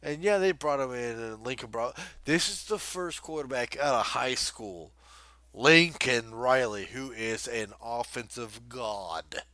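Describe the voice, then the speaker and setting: A young man co-hosting a casual sports podcast, excitable and rambling, with lots of fillers. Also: medium pitch, measured pace, no room sound. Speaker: podcast co-host.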